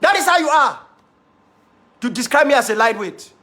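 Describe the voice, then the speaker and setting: With a very high-pitched, very animated voice and a sharp edge, a Cameroonian-accented man speaks at normal speed to his followers. As their activist leader, he gives a defiant, impassioned monologue, repeating key phrases for emphasis.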